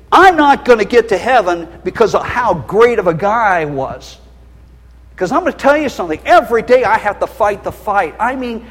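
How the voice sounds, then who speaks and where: A middle-aged male preacher with a high, husky voice that swings widely as he pleads and warns. He preaches with raw feeling and pushes into shrillness when he gets loud. The sermon rings with a long reverb, like a church hall. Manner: passionate, emotional, voice rising to a shrill pitch.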